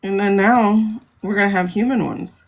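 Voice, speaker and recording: Woman, livestream host, rambling casual chat, gravelly fry. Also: mid-range voice, steady tone, normal speed, lo-fi sound. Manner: chatty, rambling, laughs often.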